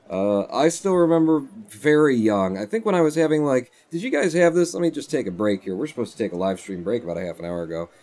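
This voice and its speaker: A man's voice: mid-range voice, lively intonation, brisk, a little mellow. A man chatting casually on a live stream at home, rambling as he tells stories while playing.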